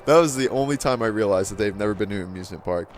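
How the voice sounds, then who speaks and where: Over gameplay, a man hosting a gaming channel spins a casual, rambling tale full of chuckles and fillers. He talks rapid-fire in a lowish voice while faint music plays behind him.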